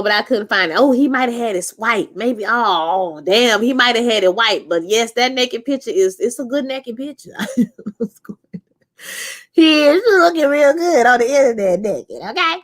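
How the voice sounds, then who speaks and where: Young woman reviewer, sassy casual recap chat, bright and punchy. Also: moderate pace. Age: young adult. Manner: sassy, animated, slangy, breaks into high exclaims. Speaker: show reviewer.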